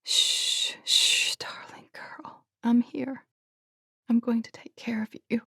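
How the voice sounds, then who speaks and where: A woman putting on a young ranch woman torn apart by grief. She pleads in a high, tearful voice and drops to soft, hushed comfort, with a slight gravel under it. It is a dry, close audiobook sound. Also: measured pace, dry recording. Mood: hushed soothing. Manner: pleading, tearful, whispering soothingly.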